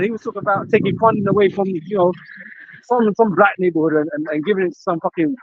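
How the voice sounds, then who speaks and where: A man's voice: sits high, a bit bright, slightly rough, no echo, dull audio. A man speaking heatedly in a religious camp talk, cursing and ending lines with "man" and "you know". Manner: angry, profane, repeats "man" and "you know".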